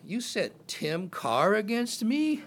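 A man's voice: high voice, sing-song, takes it slowly, fairly bright tone, voice pushed up, full character voice. A man voicing a scornful male giant warrior who mocks a boy with sneering, incredulous questions. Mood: mocking.

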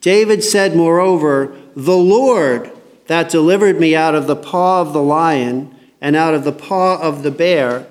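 A man's voice: sits high, lively intonation, a little slow, a little mellow. A man teaching a Bible passage in a casual sermon, reading scripture aloud and commenting in a chatty, joking way.

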